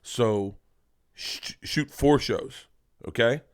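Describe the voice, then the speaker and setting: A man's voice: mid-range voice, drawn-out words, clean tone. A man, a guest comedian, chatting casually on a podcast, rambling and swearing as he lays out plans. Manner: loose, profane, rambling storytelling.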